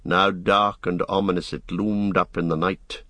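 A man reading a fantasy story aloud as an audiobook narrator, in a steady storytelling manner. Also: low voice, a little slow, no echo. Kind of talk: scripted narration.

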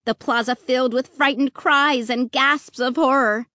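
A woman reading a children's story aloud, expressive and lively, acting out the dialogue. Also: sits high, measured pace, no echo, studio quality. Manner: lively, voicing dialogue with rising excitement. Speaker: audiobook narrator.

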